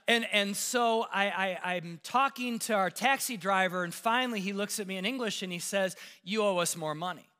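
A man telling a personal travel story with rising suspense, his voice climbing at the tense moments. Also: high voice. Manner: animated, building suspense, voice rising when tense. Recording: hall reverb.

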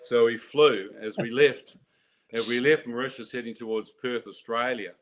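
A man's voice: medium pitch, moderate pace. An older man telling his life story as an interview guest, vivid and dramatic, with restarts. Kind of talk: animated storytelling.

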